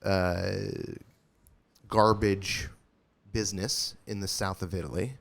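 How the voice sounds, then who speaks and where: A man co-hosting a podcast, telling stories in a lively, animated way and laughing easily. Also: low-pitched, takes it slowly. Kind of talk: casual podcast chat.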